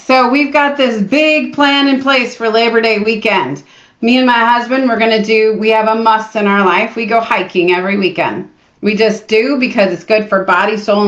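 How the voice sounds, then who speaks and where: A woman coach giving a live motivational workshop to an audience in a room, energetic and coaxing people to join in. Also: on the high side. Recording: echoey room, dull lo-fi sound.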